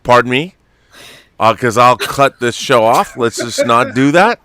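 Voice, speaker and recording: A man hosting a late-night livestream, excitable and quick to laugh, swearing freely. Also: medium pitch, no room sound. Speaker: podcast host.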